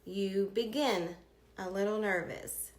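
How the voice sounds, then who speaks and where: A woman's voice: medium pitch, steady tone, slow pace. A woman in her fifties tells a personal story in a reflective, emphatic way, drawing a life lesson from her past. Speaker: speaker sharing life lessons. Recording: roomy echo.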